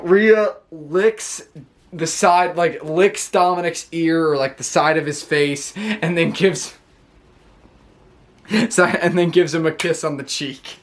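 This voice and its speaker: A man with a high voice gushes through a casual show recap. He rambles, corrects himself mid-sentence and keeps breaking into laughter. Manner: excitable, rambling, self-correcting, laughs often. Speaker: wrestling channel host.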